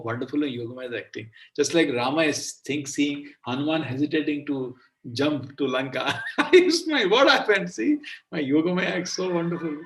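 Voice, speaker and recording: Man, gravelly voice, sits back from the mic, teacher leading an online Gita class, brisk and questioning. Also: mid-range voice, recorded from a distance, rough recording. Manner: animated, explains with questions to students.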